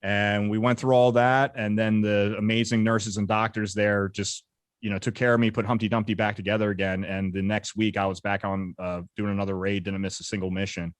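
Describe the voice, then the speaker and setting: A man in his thirties, an interview guest telling combat stories briskly, acting out the dialogue. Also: lowish voice, flat delivery, smooth, no room sound. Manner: brisk, vivid war storytelling with quoted dialogue. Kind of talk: casual storytelling interview.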